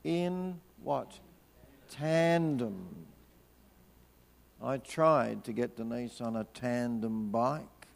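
A man preaching a sermon, telling a personal story with energy, then dropping into hushed, slow prayer. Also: medium pitch, gravelly. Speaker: pastor.

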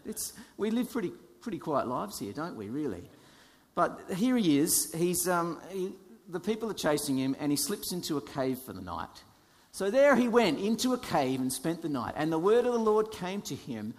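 A man preaching a sermon, dramatic in delivery, dropping from loud to whispers, with light self-deprecating humor. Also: a little high, big pitch swings, moderate pace, in a large hall. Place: church.

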